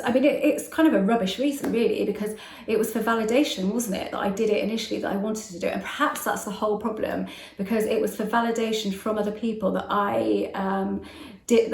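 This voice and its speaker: Fast-talking English woman in a roomy space. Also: medium pitch. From West Country, England. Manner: fast-talking, chatty, laughs between phrases. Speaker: manifestation coach. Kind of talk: casual monologue to camera. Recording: roomy echo.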